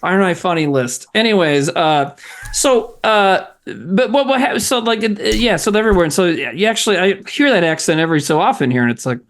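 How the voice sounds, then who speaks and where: A male podcast host who tells stories in loose comedy chat, swearing freely as he goes. His pitch swings widely and his delivery is animated. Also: brisk. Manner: animated, profane storytelling.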